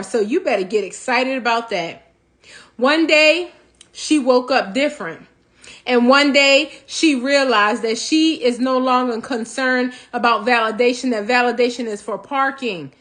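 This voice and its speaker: High-voiced, animated motivational woman. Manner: animated, preachy, laughs between points. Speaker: host of a healing talk show. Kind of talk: motivational talk.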